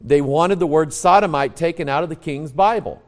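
American pastor teaching, echoing hall. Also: male voice, on the high side, moderate pace. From United States. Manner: folksy, storytelling, frequent restarts. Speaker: pastor teaching a Bible class. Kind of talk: conversational Bible teaching, quizzing the class. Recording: long reverb of a large room.

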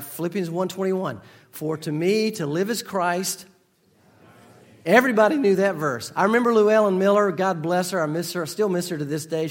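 A man pastor giving a conversational sermon, prompting his congregation to finish familiar verses. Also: on the high side. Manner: conversational, engaging the congregation with call-and-response. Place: church sanctuary.

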